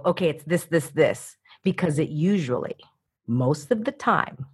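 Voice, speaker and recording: A woman talking as an interview guest, energetic and coaching, often slipping into little acted-out voices. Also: on the low side, husky. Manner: energetic, acts out voices in quotes. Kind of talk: animated interview talk.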